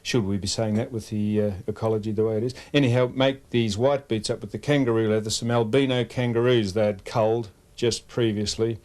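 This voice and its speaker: An Australian man who used to play football answers interview questions with dry, wisecracking humor. His voice sits fairly low. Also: steady tone, a little fast, hardly any pauses, a little mellow. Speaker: interview guest, former footballer. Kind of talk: casual interview.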